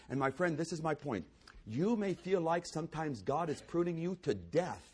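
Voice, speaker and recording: A pastor preaching a sermon, swinging between loud exclamations and hushed near-whispers and repeating key phrases for emphasis. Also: male voice, fairly high pitch, animated, normal speed, slightly rough.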